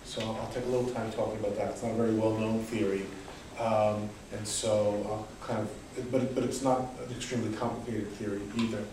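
A man's voice: on the low side, flat delivery, a little fast, background noise. An American man giving a conference talk, hesitant, with many restarts and fillers. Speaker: conference presenter. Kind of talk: academic talk with discussion. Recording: echoey room, voice far from mic.

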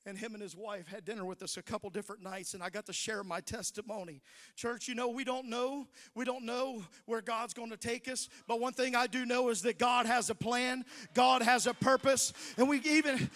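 A middle-aged pastor preaches a sermon in a strikingly high voice. His tone is bright and forceful. He moves from easy storytelling to loud, shouted preaching. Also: steady tone, moderate pace, big-room sound.

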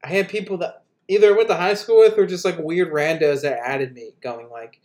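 High-voiced man ranting sarcastically. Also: brisk, a little mellow. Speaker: podcast co-host. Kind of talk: casual political chat.

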